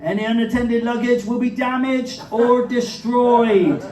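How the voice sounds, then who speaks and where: A man's voice: extremely high pitch, steady tone, a little slow, darkish tone, slight background noise. A man voicing a cheeky male station announcer, drawling and jolly. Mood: cheery. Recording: echoey hall, distant mic, crowd laughter.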